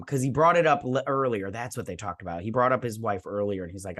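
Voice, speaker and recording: A man's voice: lowish voice, a little fast, few pauses, a bit bright. A man hosting a TV review show, recapping an episode in a rambling, enthusiastic way with lots of fillers and restarts.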